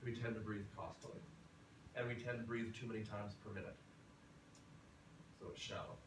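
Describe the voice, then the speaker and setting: A man teaching a singing class in a relaxed, chatty lecture style. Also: lowish voice, moderate pace. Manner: relaxed, chatty, tells anecdotes. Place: classroom or rehearsal hall. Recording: roomy, from far off, noisy.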